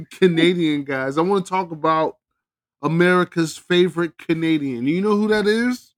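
A man's voice: on the high side, normal speed, noisy background. A man co-hosting a podcast, trading casual banter and teasing his friend, laughing through his setups. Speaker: podcast co-host.

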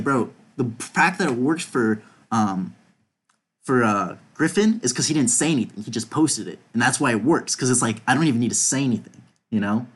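A man's voice: mid-range voice, slightly rough. A young man chats casually on a podcast, reading group chat messages aloud. His talk is loose and offhand, with casual swearing mixed in. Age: young adult. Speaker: podcast host.

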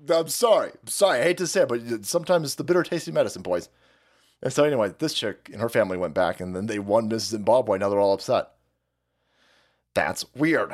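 A man hosting a livestream and ranting in a crude, profane, sarcastic way, slipping in quick mocking voices. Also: medium pitch, animated. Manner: mocks people by putting on quick voices. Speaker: livestream host.

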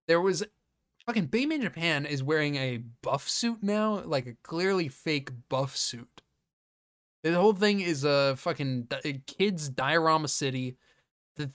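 Male podcast host, slightly high voice, swearing, animated plot recap. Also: no room sound, studio quality. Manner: profane, animated scene-by-scene retelling. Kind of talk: casual podcast chat.

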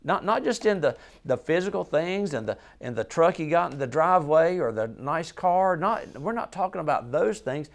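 Gravelly man teaching a Bible study. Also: fairly high pitch, animated, moderate pace, hardly any pauses. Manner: conversational, asks the group questions, frequent restarts; earnest and emphatic. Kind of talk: informal Bible teaching to a small group.

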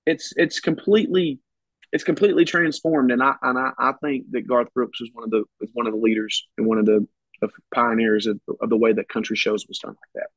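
A male podcast guest talks briskly at medium pitch, fairly bright with a breathy edge and fairly even intonation, and there's no echo. He tells stories in a loose, rambling way, often restarting phrases, though the recording sounds dull and slightly muffled.

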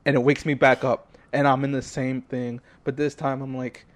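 A young man co-hosting a podcast, telling a story in a loose, animated way with lots of fillers. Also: mid-range voice, normal speed. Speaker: podcast co-host. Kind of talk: casual chat.

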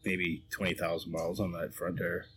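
Very deep-voiced man in blunt casual talk. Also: level tone, normal speed, fairly bright tone. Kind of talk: casual chat.

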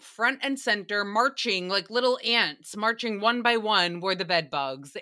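A young woman hosts a casual comedic recap, swearing freely and breaking into laughter as she goes. Her voice sits a little high with a bright, forward edge. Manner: profane, animated, laughs often. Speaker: podcast host.

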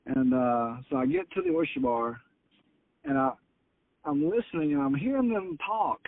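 A man's voice: fairly high pitch, big pitch swings, moderate pace, gravelly. A man, a fishing charter captain, telling a story on a podcast in a fired-up, cussing way, heard over tinny phone-like audio.

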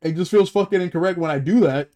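A young podcast co-host rants about his week in a casual chat, swearing heavily and restarting his sentences. His voice sits high and sounds mellow, and he talks fast.

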